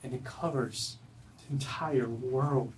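A man preaching a sermon at a church service, earnest, swinging from loud emphatic lines to low quiet ones. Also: fairly even intonation, slow, distant mic, slight background noise, rough recording. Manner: earnest, rises loud then drops low and soft. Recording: voice from away from the mic.

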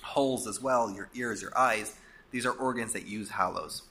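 A man teaching a Torah class, explaining and posing rhetorical questions, a bit hoarse and coughing as he loses his voice. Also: fairly low pitch, normal speed, sharp tone, slight background noise. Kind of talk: lecture.

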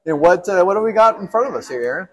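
A man from the West Coast, a pastor co-hosting a podcast, chatting casually and teasing in a playful, drawn-out way. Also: high voice, animated. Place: brewery.

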